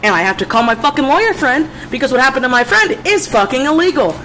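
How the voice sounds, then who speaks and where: Ranting woman vlogger, slightly high voice. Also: very animated, quick pace, fairly bright tone, a little hiss or hum, low-quality recording. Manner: profane, ranting, then chatty showing prints. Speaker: artist vlogger. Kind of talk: casual vlog.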